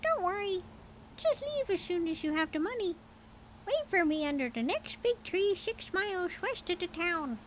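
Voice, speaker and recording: Storybook mynah bird, voiced by a woman: small, cheeky, chirping high. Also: very animated, moderate pace, a little hiss or hum. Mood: chirpy.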